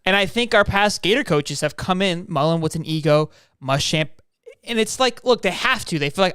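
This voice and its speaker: A man co-hosting a casual sports podcast, excitable, laughing often and drifting off on tangents. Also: high-pitched, moderate pace, clear, resonant tone, no room sound, studio quality.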